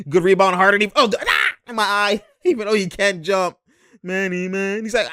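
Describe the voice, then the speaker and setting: A young man reacting to basketball footage, talking fast and loose with slang, laughing often and imitating the players. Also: high-pitched, sharp tone, smooth, no room sound, clean studio sound. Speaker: sports commentator reacting to game footage. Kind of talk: excited play-by-play reaction commentary.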